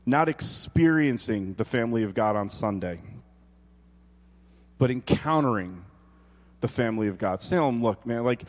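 A man in his thirties preaching a sermon, animated and joking, dropping to quiet emphasis and rising to loud exclaims. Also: medium pitch, moderate pace, long pauses. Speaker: pastor. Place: church hall. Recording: long hall reverb.

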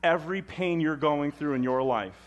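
A man preaching a sermon as pastor at a church service, expressive and emphatic. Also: fairly high pitch, normal speed.

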